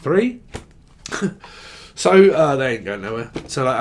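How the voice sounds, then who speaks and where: A man's voice: medium pitch, big pitch swings, takes it slowly, long pauses, a little hiss or hum. A man giving a freewheeling channelled tarot reading, rambling and jokey, with a lot of swearing. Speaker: tarot reader.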